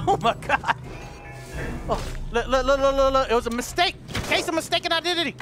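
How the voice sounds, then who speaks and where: A man giving excitable let's play commentary, with loud outbursts and giggly laughter. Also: very high voice, a little fast, music in the background. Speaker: gaming YouTuber.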